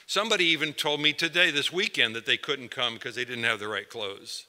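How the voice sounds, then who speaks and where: A man's voice: medium pitch, fairly quick, few pauses, pushed and bright. A male pastor giving a sermon, talking conversationally and addressing his listeners directly. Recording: long hall reverb.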